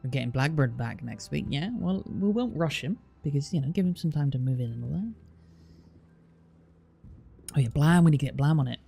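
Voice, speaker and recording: With faint music in the background, a southern English man from the Southwest streams and chats casually, thinking out loud full of fillers. He sounds a little high, warm and creaky, animated and fairly quick, often pausing.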